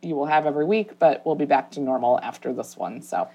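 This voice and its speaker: A woman's voice: low voice, fast, mellow. A woman co-hosting a comedy podcast in casual chat, giggly and rambling with lots of fillers, on a lesser microphone than usual. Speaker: podcast co-host. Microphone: not her usual good microphone.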